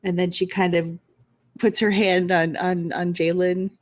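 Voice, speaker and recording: A woman playing a tabletop game, narrating her character's actions slowly and carefully. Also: lowish voice, flat delivery, a little mellow. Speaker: player.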